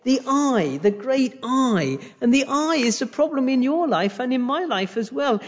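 A man preaching a sermon slowly and emphatically, with long pauses between phrases, recorded from a church live stream. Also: very high voice, animated. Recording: dull live-stream audio in a reverberant church.

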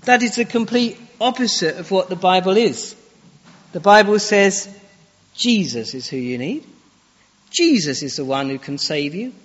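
A man's voice: sits high, lively intonation, unhurried, a bit bright. A man preaching a sermon in a church, challenging his listeners with direct questions. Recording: dull lo-fi recording with long church reverb.

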